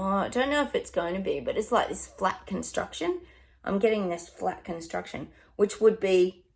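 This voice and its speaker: An Australian woman, middle-aged, chatting through psychic predictions in a rambling way with lots of ums and asides. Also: on the low side. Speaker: psychic medium. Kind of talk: casual livestream predictions.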